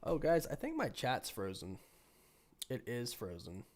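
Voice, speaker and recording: A man with a cold, hoarse and sniffly, hosting a casual live stream and chatting with viewers while thinking aloud. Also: medium pitch, huge pitch swings, measured pace, darkish tone. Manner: rambling, thinking aloud with many restarts. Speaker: livestream host.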